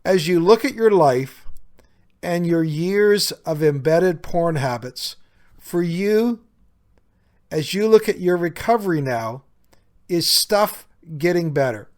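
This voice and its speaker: A man's voice: on the high side, animated, slow pace. A man hosting a podcast, talking earnestly and conversationally with frequent small fillers. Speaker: podcast host. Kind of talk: reflective solo podcast talk.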